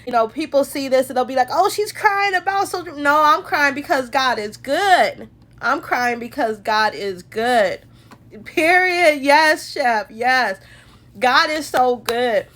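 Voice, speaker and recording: A woman's voice: high voice, unhurried, fairly bright tone. A woman hosting a phone livestream, talking heartfelt and emotional about her faith, calling her viewers y'all. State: tearful at times. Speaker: livestream host.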